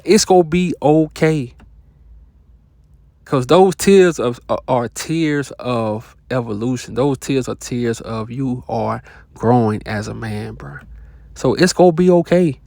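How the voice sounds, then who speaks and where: A man talks in a loose, unscripted monologue, blunt and profane, dropping slang and brief laughs between his points. His voice sits at an ordinary middle pitch. The sound is dry and close, with no room echo. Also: takes it slowly, vocal fry, darkish tone. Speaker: self-help vlogger. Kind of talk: casual motivational monologue.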